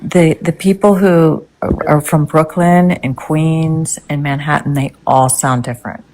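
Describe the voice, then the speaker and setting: A woman from Washington, D.C. with a mid-Atlantic accent, chatting in an online discussion with halting restarts. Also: low-pitched, steady tone, darkish tone, slight background noise, rough recording. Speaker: debate panelist. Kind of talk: casual voice-chat discussion.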